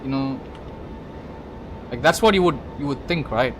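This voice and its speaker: Animated but measured in pace, a medium-pitched man casually recounts a film plot on a gaming livestream with a noisy background. His telling rambles, full of restarts and swearing, and he speaks straight to the listener.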